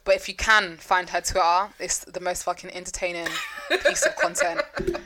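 A woman's voice: lowish voice, very animated, moderate pace, bright, forceful tone, slight background noise. A woman co-hosting a podcast, chatting and teasing, then telling a true-crime story. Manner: chatty, teasing, swears casually. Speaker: podcast co-host.

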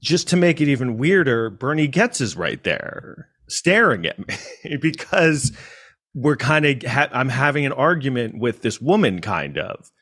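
A man tells a casual story in a loose, rambling way, breaking off mid-sentence and starting over. His pitch moves a lot, rising and falling through each line, while his voice sits at an ordinary middle pitch. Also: a little slow, breathy edge. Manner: rambling, self-interrupting, animated. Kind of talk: casual anecdote.

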